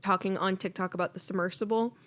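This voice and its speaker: A young woman trades playful jokes as a podcast co-host, often breaking into laughter. Her voice sits at an ordinary middle pitch, and she keeps the casual, easygoing tone of a chat between friends. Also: steady tone, quick pace, a bit bright.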